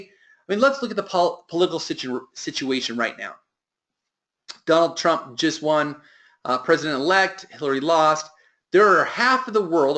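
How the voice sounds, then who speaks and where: A man's voice: fairly high pitch, pushed and bright. A man giving a motivational sales training talk to a team, with emphatic delivery that lifts and drops.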